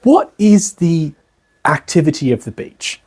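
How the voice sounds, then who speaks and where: An Australian man with a fairly high, slightly rough, darkish voice speaks unhurriedly with big swings in pitch. He's giving a casual spiritual lecture in a retreat centre's lecture room, chatty and colloquial, often checking in with listeners and acting out the people he describes.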